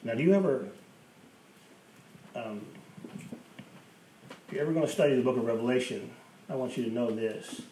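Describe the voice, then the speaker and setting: A man's voice: medium pitch, moderate pace, long pauses, mellow. Emphatic male pastor, roomy and distant. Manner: emphatic, repeats key phrases for effect. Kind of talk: sermon. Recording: roomy, distant mic with faint hiss.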